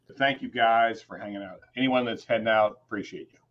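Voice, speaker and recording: A man's voice: on the low side, brisk, dull audio. A man co-hosting a casual livestream chat in a joking, easygoing way. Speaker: livestream co-host.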